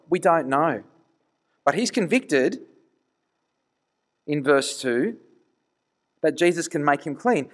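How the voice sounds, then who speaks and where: Male preacher, fairly high voice, earnest conversational sermon delivery. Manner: conversational, earnest, rhetorical questions.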